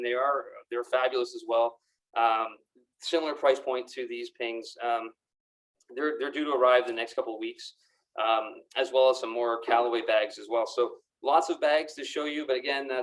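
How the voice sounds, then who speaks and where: Standing before racks in a golf club pro shop, a man of medium pitch demonstrates gear live, gushing cheerfully while filling gaps with fillers and restarting sentences. The audio is rough.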